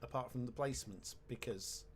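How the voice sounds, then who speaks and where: A man's voice: medium pitch, a little fast, slight background noise. A man giving casual let's-play commentary, chatty and wry with sarcastic asides. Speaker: game commentator.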